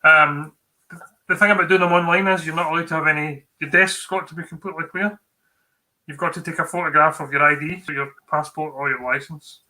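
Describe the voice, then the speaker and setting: A man's voice: a little high, fairly even intonation, brisk, sharp tone, low-quality recording. A Scottish man co-hosting a tech livestream, giving exam tips in a chatty, informal way with many fillers and restarts.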